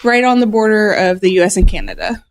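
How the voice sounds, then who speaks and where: Woman, podcast guest, casual interview, hesitant, friendly, frequent ums, mid pitch. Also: very animated, fast. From Buffalo, New York.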